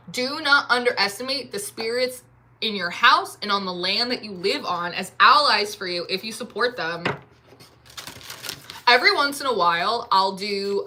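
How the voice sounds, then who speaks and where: Bright-voiced chatty woman tarot reader. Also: medium pitch. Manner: chatty, rambling, full of filler words. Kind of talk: casual tarot reading to camera. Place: at home.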